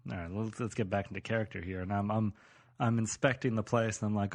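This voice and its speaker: A man's voice: fairly low pitch, fairly even intonation. Laughing, goofy young man. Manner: goofy, laughs a lot, halting restarts. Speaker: podcast co-host. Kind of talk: casual comedic chat with put-on bits.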